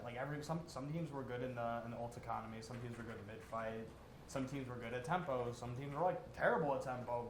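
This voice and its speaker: Jokey young man reading out esports names. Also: medium pitch. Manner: jokey, rattles off player names. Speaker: co-host. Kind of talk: casual esports recap chat. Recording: echoey room, faint noise.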